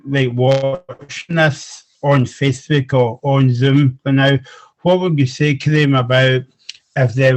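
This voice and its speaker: A Scottish man asks a question on a video call, slow and halting, searching for words and piling up fillers. His voice sits at an ordinary male pitch. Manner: hesitant, halting, full of fillers. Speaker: audience member asking a question.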